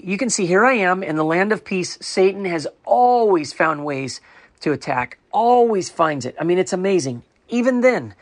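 A man's voice: on the high side, no echo. A man who runs an online ministry, sharing a personal testimony in an earnest, storytelling way and often acting out other people's voices.

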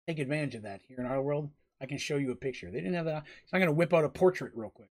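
A man's voice: fairly high pitch, rapid-fire. A man running a tabletop game as game master, narrating in a casual, rambling way and often correcting himself mid-sentence.

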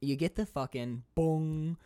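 A man's voice: fairly high pitch, measured pace, clear, resonant tone. A young man co-hosting a casual movie commentary chat, swearing freely and acting out quotes. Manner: animated, swearing, mock quoting. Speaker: podcast co-host.

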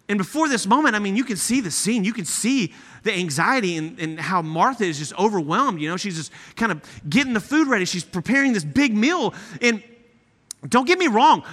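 A man giving a sermon as guest preacher, in an animated, emphatic and conversational way. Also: very high voice. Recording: echoey hall.

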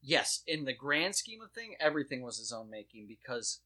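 A man co-hosting a casual political chat, talking in an animated, rambling, profane way. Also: mid-range voice, moderate pace.

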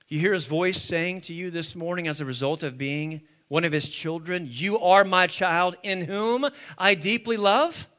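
Male preacher, high bright voice, lively and expressive delivery that drops to a hush and rises again. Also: moderate pace, hardly any pauses. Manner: swings between hushed and emphatic, call-and-response questions. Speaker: pastor. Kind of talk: sermon.

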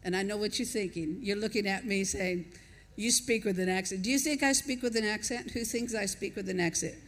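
An older American woman with an American accent softened by years in Australia, preaching a conversational sermon and telling stories to her congregation. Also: medium pitch, fairly quick. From United States. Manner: conversational, storytelling, laughs with the congregation. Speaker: pastor. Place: church auditorium. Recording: reverberant church hall.

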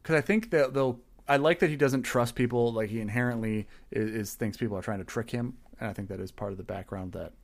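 A man's voice: mid-range voice, a little fast, vocal fry, few pauses. A young man co-hosting a podcast, chatting casually and rambling with lots of fillers. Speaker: podcast co-host. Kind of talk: casual chat.

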